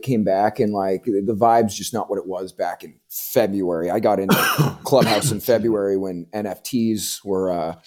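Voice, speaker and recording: A man hosting a podcast, chatting casually and telling animated stories with lots of fillers and casual swearing. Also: on the low side.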